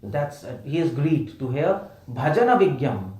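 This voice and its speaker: A man's voice: mid-range voice, very animated, measured pace, mellow. Man lecturing in a roomy hall. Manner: questions the audience, playful, repeats words for emphasis. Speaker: preacher. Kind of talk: scripture lecture to a live audience. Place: temple hall.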